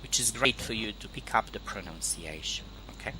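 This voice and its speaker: A man's voice: fairly low pitch, expressive, a little fast, background noise. A man teaching in a one-on-one online lesson, patiently repeating key words for his student. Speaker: English teacher.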